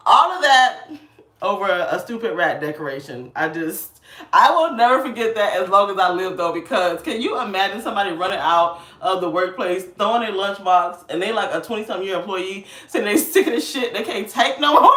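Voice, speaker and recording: A woman in her thirties telling a story in a casual vlog, animated and laughing often while she talks. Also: mid-range voice, moderate pace. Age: 30s. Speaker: vlogger. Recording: roomy sound from a distance.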